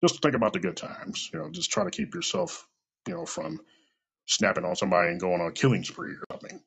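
Speaking fast in a medium-pitched voice with creakiness and a breathy edge, a middle-aged American man recounts something that happened to him in a loose monologue. He swears, laughs and performs the dialogue of the people involved with lots of energy, captured on a dull, lo-fi recording.

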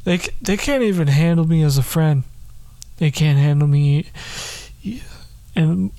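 A man's voice: high voice, darkish tone. A man hosting a solo podcast from his bedroom late at night, rambling, swearing and mocking himself. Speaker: podcast host.

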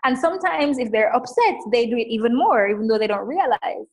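Emphatic, high-voiced woman coach. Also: fairly quick, poor audio. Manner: emphatic, animated, says "like" often. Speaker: coach and guest. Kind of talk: casual interview chat.

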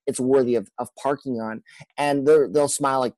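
A man's voice: medium pitch, fairly even intonation, normal speed, a little mellow, dry recording, rough recording. Earnest male pastor, dry close sound. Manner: earnest, repeats words, acts out quoted speech. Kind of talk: conversational podcast talk.

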